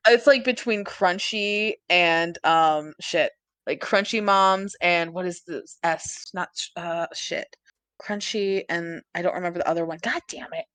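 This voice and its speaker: A woman's voice: fairly low pitch, a little slow, a bit bright, smooth, no room sound. A young woman co-hosting a podcast in casual chat, swearing freely and laughing often. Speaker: podcast co-host.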